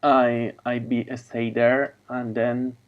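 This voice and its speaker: A man in his forties, a native Spanish speaker with a Spanish accent, telling a rambling personal story in halting English, searching for words, on a video call. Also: mid-range voice, flat delivery, narrow, tinny audio.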